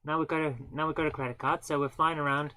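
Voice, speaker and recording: Bright-voiced woman streaming a retro game. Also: low voice, level tone, quick pace. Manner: chatty, self-mocking, laughs often. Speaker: live-streaming game host. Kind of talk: casual live gameplay commentary.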